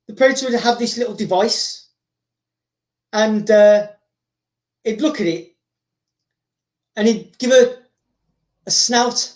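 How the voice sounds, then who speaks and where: A man hosting, rambling excitedly through a story told casually, with frequent repeats and restarts. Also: extremely high pitch. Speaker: host. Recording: roomy echo.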